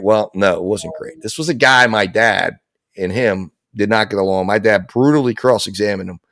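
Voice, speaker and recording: A man's voice: on the low side, normal speed, no echo. A man casually telling a long personal anecdote on a live talk show. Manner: relaxed storytelling, lots of fillers.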